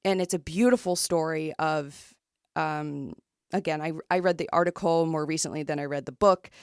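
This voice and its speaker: A woman's voice: deep voice, normal speed, clean tone, dry recording, studio quality. A woman co-hosting a podcast, retelling a story in casual chat with lots of fillers and emphasis. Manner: animated retelling with many fillers. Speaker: podcast co-host.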